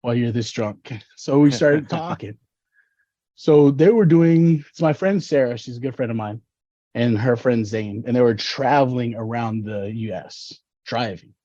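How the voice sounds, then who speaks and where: Mellow, laid-back man from Texas. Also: medium pitch, fairly even intonation, normal speed, dry recording. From Dallas, Texas. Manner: laid-back, rambling, laughs at own stories. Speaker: guest. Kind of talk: casual storytelling chat. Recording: slightly dull, lo-fi podcast audio.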